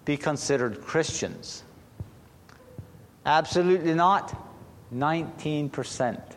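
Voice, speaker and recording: A man with a fairly high-pitched voice preaches a sermon to a congregation, speaking slowly and deliberately and restarting his phrases haltingly. A long hall reverb surrounds the recording.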